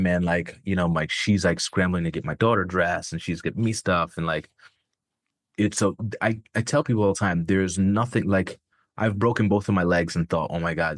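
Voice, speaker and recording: A man with a very low voice, telling a personal story in loose, candid talk as a podcast guest. He swears freely and leans on "like" and "man". The sound is dry and close. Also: dry recording. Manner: casual, profane, many fillers like "man" and "like".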